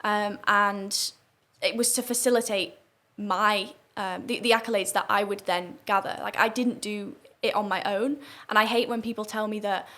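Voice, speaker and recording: Young northern English woman, guest, fast and full of fillers. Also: mid-range voice, steady tone, bright, forceful tone. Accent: northern English, softened toward southern English. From northern England. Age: young adult. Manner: fast, with many fillers and restarts. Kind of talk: casual interview talk.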